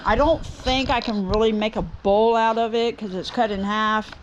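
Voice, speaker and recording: A woman's voice: fairly high pitch, fairly even intonation, moderate pace, muffled recording, a little hiss or hum. Chatty Southern woman in her workshop. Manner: rambling, chatty, folksy. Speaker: woodturning vlogger. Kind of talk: casual chat to camera. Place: home workshop.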